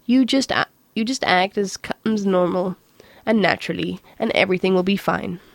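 A woman doing a bright, lilting young pilot. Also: medium pitch, moderate pace, creaky, no echo, lightly acted. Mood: soothing.

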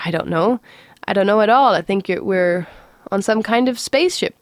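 A woman reading aloud, voicing an excitable, quick-witted man who talks loudly and emphatically. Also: medium pitch, no room sound, clean studio sound, lightly acted. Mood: excited.

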